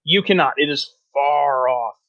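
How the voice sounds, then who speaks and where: A man's voice: a little high, a little slow, vocal fry, lo-fi sound. A man narrating a tabletop game as game master, describing scenes with many fillers.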